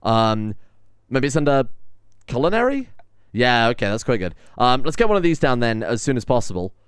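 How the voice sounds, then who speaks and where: A young man hosting a casual let's-play, chatting and rambling with frequent ums and quick exclamations of surprise. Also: mid-range voice, sing-song, clean tone, no room sound, studio quality. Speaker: gaming channel host.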